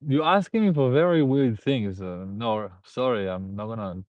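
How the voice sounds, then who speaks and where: A man's voice: medium pitch, moderate pace, no echo. A man hosting a live stream, rambling through viewer comments, laughing and repeating himself. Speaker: host. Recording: dull, dry lo-fi sound.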